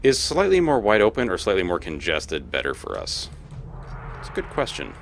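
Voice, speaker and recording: A young man with a very low voice talks through his strategy out loud, chuckling and muttering to himself as he plays. His pitch swings widely between mumbles and excited bursts, with a faint hum of ambience behind him. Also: moderate pace, creaky. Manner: talks to himself, thinking aloud, laughs often. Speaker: let's play host. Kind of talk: casual gameplay commentary.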